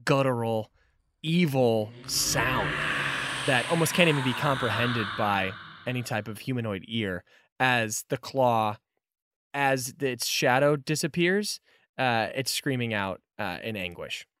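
A man's voice: mid-range voice, measured pace, background noise. A man narrating scenes as game master of a tabletop game, in a descriptive, scene-setting manner.

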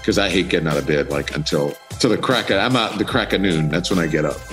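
A man's voice: low voice, fast talker, faint music behind. A man, a news anchor appearing as a guest, tells a personal story in a podcast interview, acting out the dialogue and laughing often. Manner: animated, acts out quoted dialogue, laughs often.

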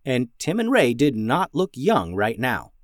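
Lively male children's storyteller. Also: medium pitch, measured pace, no echo, clean studio sound. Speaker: podcast host and storyteller.

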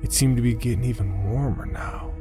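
A man narrating a first-person horror story, turning tense and urgent when his character shouts. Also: medium pitch, a little fast, over music.

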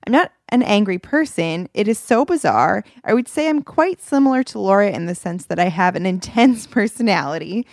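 Woman co-host, wry reader, very lively pitch, some vocal fry, dry mic. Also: moderate pace, few pauses, dry recording. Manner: lively, wry reading with laughs. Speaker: podcast co-host. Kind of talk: reading a listener letter, casual chat.

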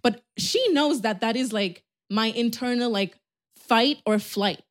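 A young woman co-hosting a podcast, talking candidly in a rambling, animated way about her own thoughts and habits. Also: a little high, measured pace. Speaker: podcast co-host. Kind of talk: casual chat.

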